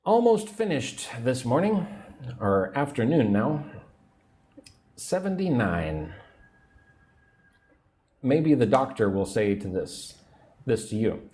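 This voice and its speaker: A man teaching English on a livestream, speaking slowly and patiently and repeating phrases for learners. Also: medium pitch, sing-song, warm tone. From United States.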